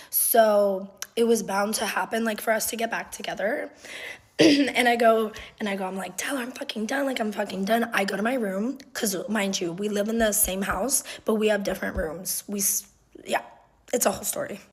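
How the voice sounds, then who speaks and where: A young adult woman telling a story from her own life in a casual vlog, with lots of swearing and constant fillers. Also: on the high side. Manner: animated, profane, fillers "like" constantly.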